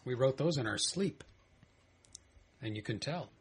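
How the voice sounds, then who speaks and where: A man co-hosts a podcast with a deadpan delivery, dropping dry one-liners as he chats. His voice sits at a plain middle pitch for a man. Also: measured pace, background noise. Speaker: podcast co-host. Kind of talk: casual podcast banter.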